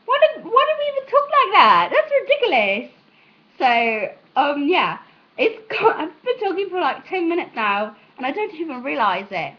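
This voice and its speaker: A woman's voice: high-pitched, huge pitch swings, moderate pace, lo-fi sound, voice pushed up. A young American woman putting on an English accent for a casual vlog, rambling and chatty with lots of fillers. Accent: put-on English accent. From United States.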